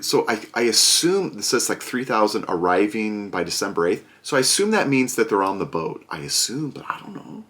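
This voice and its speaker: A man's voice: mid-range voice, sing-song, a little fast, a bit bright. A man hosting a board game video, chatting casually and sarcastically with lots of fillers and restarts. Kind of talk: casual product review chat.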